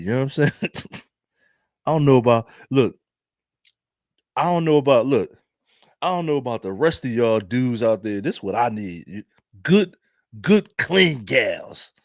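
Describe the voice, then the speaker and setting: A young man with a Philadelphia accent doing casual, laughing commentary to his viewers in drawn-out slang. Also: medium pitch, very animated, darkish tone, no room sound, clean studio sound. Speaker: commentary vlogger.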